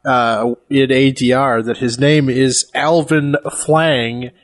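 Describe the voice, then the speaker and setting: Male podcast co-host, middle pitch, halting and measured, deadpan, dry humor. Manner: measured, hesitant with frequent ums and restarts, dry humor. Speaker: podcast co-host reviewing a film. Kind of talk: casual comedic chat.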